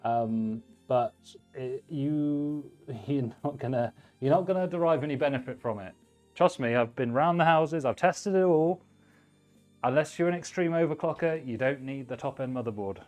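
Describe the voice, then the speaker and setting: A man's voice: medium pitch, normal speed, a little mellow, soft background music. A man hosting a live stream, chatting casually and giving blunt hardware advice while he works on a build. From United Kingdom. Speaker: livestream host, PC builder.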